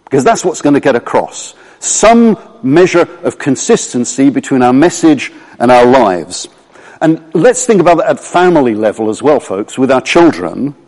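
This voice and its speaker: A man preaching a sermon, earnest and emphatic, slowing down when he quotes scripture. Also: mid-range voice, very animated, darkish tone. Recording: long hall reverb.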